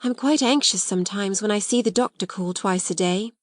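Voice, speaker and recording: A woman's voice: medium pitch, brisk, dry recording, clean studio sound, close to an everyday voice. A woman reading aloud and voicing a proud, composed young schoolgirl who speaks grandly and politely. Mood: fond.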